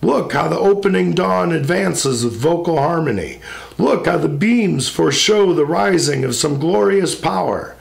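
A man's voice: fairly high pitch, lively intonation, measured pace, creaky, voice pushed up, exaggerated voice. A man reciting the lines of a wistful young female spirit in a poetry recitation, lyrical and lamenting. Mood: wondering.

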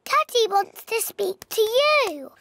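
A woman's voice: very high voice, big pitch swings, slow, creaky, fairly bright tone, full character voice. A woman voicing a cheeky, bossy little girl piglet in a cartoon, speaking in a giggly child voice. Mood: cheerful.

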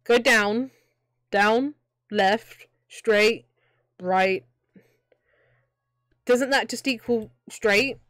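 A woman's voice: fairly high pitch, very slow, pauses often, fairly bright tone, no room sound, clean studio sound. A young woman giving chatty, jokey live commentary while she plays a video game, often breaking into laughter. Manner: chatty, giggly, jokey asides. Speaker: streamer playing a video game.

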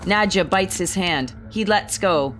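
A woman narrating a screenplay, reading the scene directions in a calm, even way. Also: mid-range voice, unhurried.

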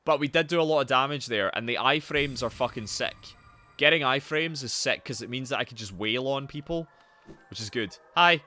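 A man streaming a game live, chatting casually and swearing, with sudden loud yells at the action. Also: mid-range voice, a little fast, soft background music. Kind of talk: live gameplay commentary and chat.

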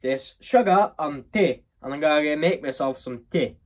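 Excitable scoffing reactor. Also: mid-range voice, normal speed. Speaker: reaction video host. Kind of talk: casual reaction commentary.

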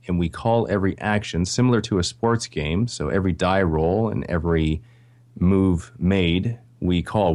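Deep-voiced Canadian man, friendly guest. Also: a little mellow. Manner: friendly, self-deprecating, grateful. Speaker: podcast guest, video creator. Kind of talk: casual interview chat.

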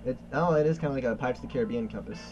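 A man's voice: medium pitch, very fast, dull audio, over music. A man chatting casually and joking as co-commentator on a let's play, laughing often. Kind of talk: casual gaming chat.

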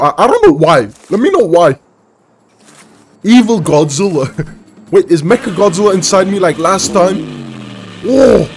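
A man hosting a reaction video, exclaiming and laughing often as he comments excitedly. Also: sits high, normal speed, long pauses, slight background noise.

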